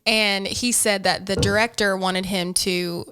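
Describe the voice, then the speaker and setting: A woman on a podcast, retelling a story quickly in casual chat. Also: medium pitch, fairly even intonation, sharp tone, clear, resonant tone, no room sound. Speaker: podcast co-host.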